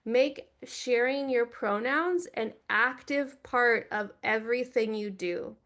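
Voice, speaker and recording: A woman's voice: fairly high pitch, takes it slowly. A woman giving an earnest, direct teaching talk for a church, speaking into a computer microphone on a video call. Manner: earnest, direct, gently instructive.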